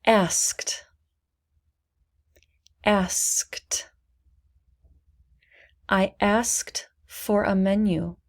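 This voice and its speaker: A female English teacher who speaks at a very unhurried pace. She says each word deliberately and distinctly and leaves room for listeners to repeat after her. Her voice sits at an ordinary middle pitch. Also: darkish tone. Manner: clearly enunciating single words for learners to repeat. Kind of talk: slow, deliberate pronunciation lesson.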